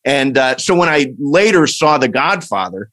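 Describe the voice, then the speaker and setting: A man reminisces about his childhood in a relaxed conversational way, pausing on small fillers. His voice sits at an ordinary middle pitch. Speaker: conversation partner. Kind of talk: casual conversation.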